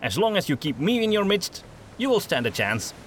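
A man's voice: high-pitched, big pitch swings, a little fast, slight background noise, voice pushed up. A man voicing a brash, boastful male merchant adventurer, cocky and teasing.

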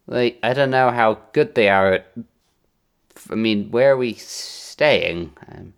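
Hesitant modest man, lively pitch. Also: slow pace, vocal fry, clear, resonant tone. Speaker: player. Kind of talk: casual tabletop play chat.

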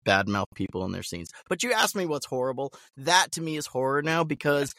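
A man's voice: medium pitch, expressive, a little fast, bright, forceful tone, no echo, clean studio sound. A man who works as a voice actor, a guest in a casual chat, ranting bluntly with sardonic, profane jokes.

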